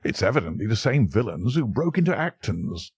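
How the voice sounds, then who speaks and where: A man's voice: on the low side, big pitch swings, brisk, darkish tone, husky, dry recording, clean studio sound, voice pushed up, heavily acted. A man voicing a hearty, easygoing older country colonel.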